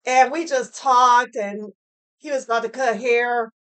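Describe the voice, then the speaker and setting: A woman's voice: fairly high pitch, unhurried, a bit bright, smooth. A woman giving a heartfelt motivational talk to camera, earnest and preachy, repeating phrases for emphasis. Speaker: motivational speaker.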